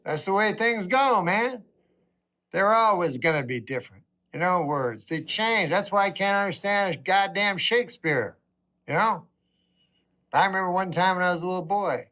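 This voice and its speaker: A middle-aged man doing a stand-up comedy routine, with a deadpan, rambling delivery full of asides. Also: high-pitched, moderate pace.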